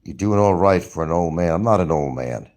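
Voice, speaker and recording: A man's voice: sits low, lively intonation, brisk, a little mellow. A man ranting angrily in commentary, swearing often and firing scolding rhetorical questions. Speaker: commentary streamer.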